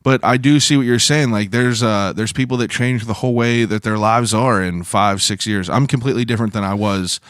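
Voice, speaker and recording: Man, podcast host, low pitch, smooth voice, easygoing, chimes in with agreement. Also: brisk, few pauses, fairly bright tone, no echo, clean studio sound. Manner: laid-back, agreeable interviewer with frequent affirmations. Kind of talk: casual interview chat.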